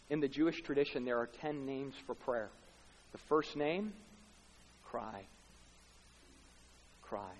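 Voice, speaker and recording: A man preaching a sermon, swinging dramatically between hushed, quiet passages and loud, shouted peaks. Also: mid-range voice, slow pace, long pauses, breathy edge. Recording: long hall reverb.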